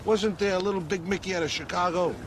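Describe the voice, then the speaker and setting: An actor playing a high-voiced suspicious mobster. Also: male voice, steady tone, fast, background noise, natural voice. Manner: probing questions. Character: suspicious rival mafia man.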